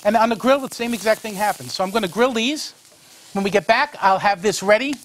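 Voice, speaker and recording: A man's voice: high voice, brisk, a bit bright, a little hiss or hum. A man hosting a cooking show, chatting folksily while he cooks. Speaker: cooking show host, a monsignor.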